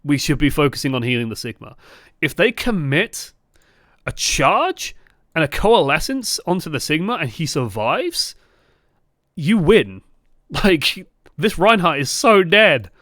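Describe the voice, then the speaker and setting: A young man coaching over gameplay footage, moving from calm breakdowns to exasperated outbursts and swearing bluntly. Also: fairly high pitch, a little slow, no echo, clean studio sound. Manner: swings from calm analysis to exasperated shouting. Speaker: game coach. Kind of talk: live-streamed gameplay review commentary.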